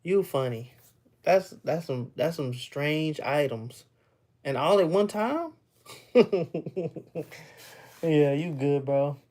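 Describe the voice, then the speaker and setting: A young man with a rather high-pitched voice, chatting casually with viewers on a livestream and laughing often. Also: lively intonation, takes it slowly, pauses often, a little mellow. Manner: laughs often, loose and playful, teases chat. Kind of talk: casual live chat.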